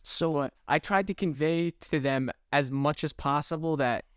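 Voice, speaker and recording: A young man co-hosts a casual podcast in a smooth, clear voice. He talks hesitantly, restarting his sentences and filling the gaps with "like" and "uh". The sound is dry and close. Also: a little high, normal speed, no echo. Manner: hesitant, restarts often, many fillers. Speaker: podcast co-host. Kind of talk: casual chat.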